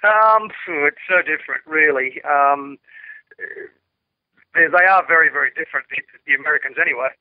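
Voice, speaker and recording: A man's voice: a little high, normal speed, no echo. Australian man rambling on a phone line. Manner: rambling and laid-back, many fillers and restarts, chuckles often. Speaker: interview guest, rock singer. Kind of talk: casual interview chat. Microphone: telephone. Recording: dry tinny phone line.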